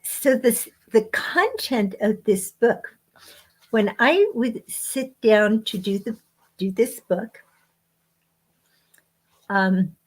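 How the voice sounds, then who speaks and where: A woman guest author giving a spiritual teaching talk in slow, measured phrases with frequent pauses. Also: fairly high pitch, animated, breathy edge.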